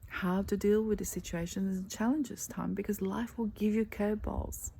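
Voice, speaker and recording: Dark-voiced woman coaching softly. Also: medium pitch, fairly even intonation, rough recording. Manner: earnest, slow and emphatic, often dropping to a breathy near-whisper. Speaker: life coach. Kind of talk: motivational talk. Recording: faint background noise.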